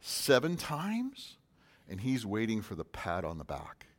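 A man preaching a sermon in a conversational way, with sudden loud emphasis on key words. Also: low voice, animated, normal speed. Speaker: pastor.

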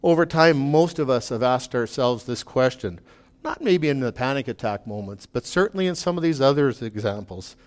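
A man's voice: medium pitch, expressive, normal speed. A man, a pastor, giving an earnest sermon with emphatic, repeated pleading questions to his congregation.

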